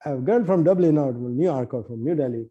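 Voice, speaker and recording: Man from nepal, animated storyteller, very dark tone, dull lo-fi sound. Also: mid-range voice, quick pace. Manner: lively, acts out quoted dialogue, many restarts. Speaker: poet and translator.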